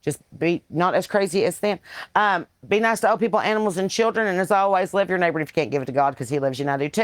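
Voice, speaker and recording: A woman's voice: fairly low pitch, fast talker, no echo. A Southern woman hosting a casual livestream podcast, reading viewer comments in a blunt, profane, folksy preaching way on a porch, into a computer mic. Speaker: podcast host.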